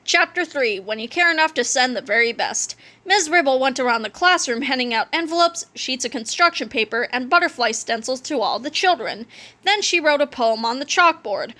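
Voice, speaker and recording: Female reader for a children's book read-aloud; playful with asides, high and bright. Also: expressive, normal speed. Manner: playful, adds joking asides.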